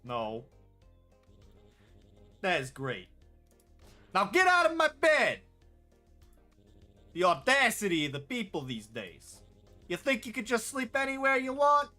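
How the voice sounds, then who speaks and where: A man voicing a gruff, suspicious male hotel guest with a New York accent, brash and mocking, with loud outbursts. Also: sits high, sing-song, a little slow, long pauses, soft background music, pitched above the performer's own voice, heavily acted. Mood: indignant.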